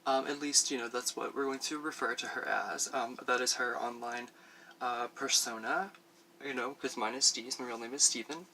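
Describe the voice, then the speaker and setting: Chatty, bright-voiced male beauty vlogger. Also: mid-range voice, fairly even intonation, normal speed, slight background noise. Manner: chatty and rambling, many fillers, laughs often. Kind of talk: casual makeup review vlog.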